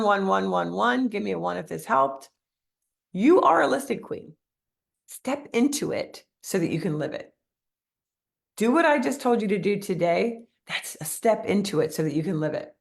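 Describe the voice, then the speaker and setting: Emphatic woman coach with a gravelly edge. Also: on the low side. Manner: emphatic, repeats key phrases, asks for comments. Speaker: real estate business coach. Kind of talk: live-streamed motivational coaching.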